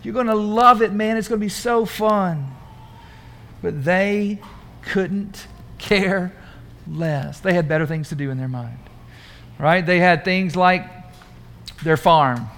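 High-voiced preacher, chatty. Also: male voice, takes it slowly, long pauses. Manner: conversational, animated, asks the congregation questions. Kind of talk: sermon. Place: church room.

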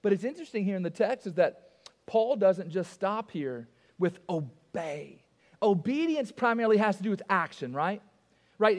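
High-voiced pastor in a reverberant hall. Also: male voice. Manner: emphatic, repeats key phrases, asks the congregation rhetorical questions. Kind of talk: sermon.

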